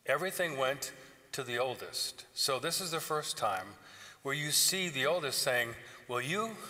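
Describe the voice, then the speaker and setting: A man's voice: medium pitch, lively intonation, normal speed, sharp tone, long reverb tail. A man preaching a sermon as pastor, retelling parables in a joking, conversational way. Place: church sanctuary.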